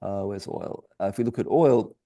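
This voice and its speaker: A man's voice: lowish voice, normal speed, dark tone. A man giving a daily market commentary over charts, talking hesitantly with many fillers and restarts.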